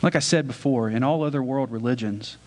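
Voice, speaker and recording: A man's voice: mid-range voice, a little fast, long reverb tail. A pastor delivering a sermon in an earnest preaching manner, putting questions to his congregation.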